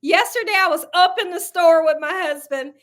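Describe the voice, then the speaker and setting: A woman's voice: very high-pitched, normal speed, fairly bright tone. A woman hosting a casual cooking livestream, chatty and laughing often as she reads viewer comments aloud. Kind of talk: casual live chat reading viewer comments.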